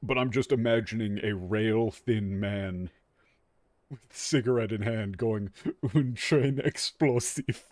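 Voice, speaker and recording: A tired young man giving animated, joking let's-play commentary as a streamer, swearing freely. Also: fairly low pitch, measured pace, no echo, clean studio sound. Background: faint game music.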